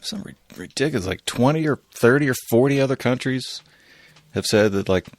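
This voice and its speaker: A man co-hosting a casual current-affairs podcast, talking in a quick, offhand way. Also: mid-range voice, expressive, dry recording, studio quality. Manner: quick, offhand, mocks others with loud put-on quotes. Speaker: podcast co-host.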